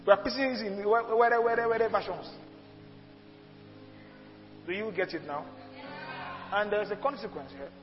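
Pastor, male, very high pitch, forceful repetitive sermon delivery, dull recording with long hall reverb. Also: normal speed, long pauses, over music. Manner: emphatic preaching with repeated phrases and sudden loud outbursts.

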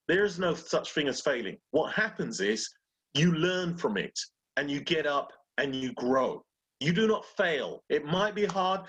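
A man's voice: fairly high pitch, slightly rough. A man talking casually about beating fear and growing, acting out little inner voices as he goes. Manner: animated, acts out inner voices. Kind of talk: casual motivational talk.

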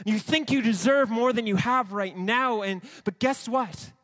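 A man delivers an earnest sermon in a fairly high voice. He talks plainly to the congregation, slips into quoted asides and often restarts a sentence mid-thought. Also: unhurried, fairly bright tone. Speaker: pastor.

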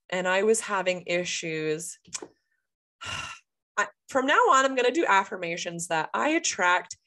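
A woman with a Western Canadian accent co-hosting a podcast, telling a story in an animated, frank way and laughing often. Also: mid-range voice. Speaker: podcast co-host. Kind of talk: casual storytelling chat.

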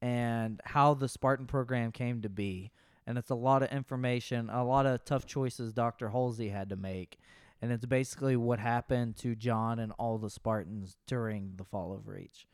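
A man's voice: mid-range voice, steady tone, normal speed, clear, resonant tone, dry recording, studio quality. A man in his late twenties, co-hosting a podcast in casual, rambling chat and laughing often. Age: late 20s. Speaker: podcast co-host.

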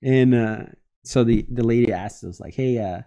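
A man's voice: medium pitch, moderate pace, dark tone. A young man from El Salvador, a podcast co-host, telling a story in casual chat, acting out quotes and laughing often.

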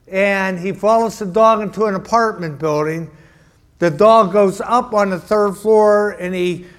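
Pastor, male, unhurried sermon, restarts with repeated words, high pitched, speaking in a church. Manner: stammering repetitions, storytelling. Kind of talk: sermon with a joke.

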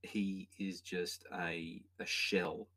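A man's voice: low voice, little pitch movement, very slow, pushed and bright. An opinionated man, chatting casually as a podcast co-host about a film, rambling with many restarts. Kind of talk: casual film review chat.

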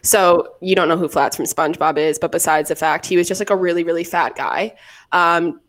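Woman, 20s, podcast co-host, slightly low register, rambling casual storyteller. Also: brisk. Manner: rambling storyteller, frequent fillers and laughs. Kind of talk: casual chat.

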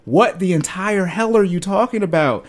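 A man's voice: high voice, normal speed. A young adult man hosting a finance podcast, ranting bluntly and lecturing listeners with homespun analogies. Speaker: podcast host. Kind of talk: personal finance podcast rant.

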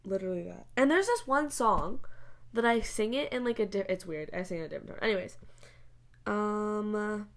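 A woman's voice: medium pitch, lively intonation, normal speed. A young woman chatting casually in a vlog, rambling with many fillers and frequent giggles. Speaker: vlogger. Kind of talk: casual chat. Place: bedroom.

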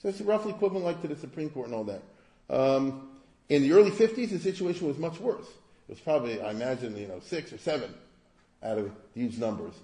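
A mellow, mid-range male voice moves quickly and expressively through a loose, conversational history lecture full of digressions. He frequently asks rhetorical questions, and the space around him echoes noticeably.

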